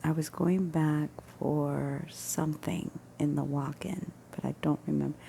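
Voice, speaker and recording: A woman's voice: low voice, fairly even intonation, a little slow, creaky, warm tone, a little hiss or hum. A woman casually telling a personal story, rambling and correcting herself as she goes. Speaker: storyteller sharing personal stories.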